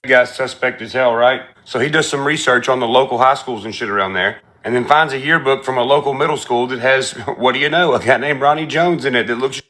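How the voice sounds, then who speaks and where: Sarcastic, foul-mouthed man with a bright voice ranting a story. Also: mid-range voice, a little fast, few pauses. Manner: profane, sarcastic, mimics people he quotes. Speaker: content creator in a clip being reacted to. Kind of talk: storytelling rant.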